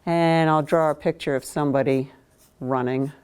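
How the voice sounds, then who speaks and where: A woman's voice: low voice, fairly even intonation, normal speed, a little mellow, smooth. A woman from Maine, a children's author, giving an interactive lesson to young children and coaxing the class to join in. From Maine, USA.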